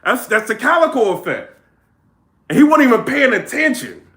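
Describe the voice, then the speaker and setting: A man's voice: very high-pitched, big pitch swings, normal speed, a bit bright, roomy sound. A man casually commenting on a rap battle in a vlog, telling the story animatedly in slang and mimicking the people he describes.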